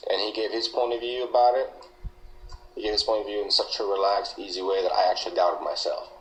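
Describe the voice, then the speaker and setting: A man from Malaysia gives an earnest, emphatic account, circling back and repeating himself as he talks. His voice sits low. The recording is roomy and echoey, with a faint hiss underneath. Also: steady tone, fast talker. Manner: earnest, emphatic, often repeats and restarts words. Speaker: interviewee, former coworker. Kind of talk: recorded interview testimony.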